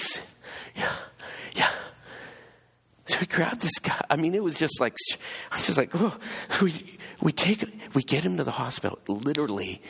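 A man's voice: medium pitch, vocal fry, fairly bright tone, husky. A man preaching a sermon, telling a personal story and acting out the voices of the people in it. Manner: storytelling, acts out quoted voices. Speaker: pastor. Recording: long hall reverb.

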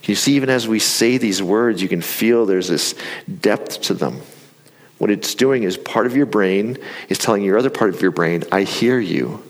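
A man preaching a sermon in a conversational, animated storytelling way. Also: fairly low pitch, moderate pace. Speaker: pastor. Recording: reverberant hall.

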